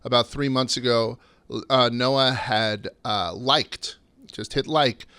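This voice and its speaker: A man with a bright, forceful voice hosts a laid-back podcast and spins stories with plenty of swearing. His delivery is clean and crisp, recorded close and dry with no room sound. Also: mid-range voice, slow pace, no echo. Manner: loose and swearing, storytelling. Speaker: podcast host. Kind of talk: casual podcast chat.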